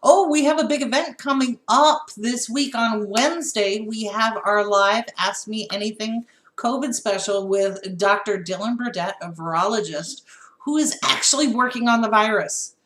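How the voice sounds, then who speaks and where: A woman's voice: fairly high pitch, moderate pace, a little hiss or hum. Chatty woman in an echoey room. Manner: animated, laughing, storytelling. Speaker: podcast co-host. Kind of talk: casual political chat.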